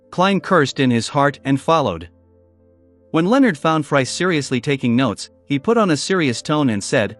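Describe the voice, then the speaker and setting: A man reading a fantasy light novel aloud as scripted narration, with an expressive delivery. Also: fairly high pitch, normal speed, faint music behind. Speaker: audiobook narrator.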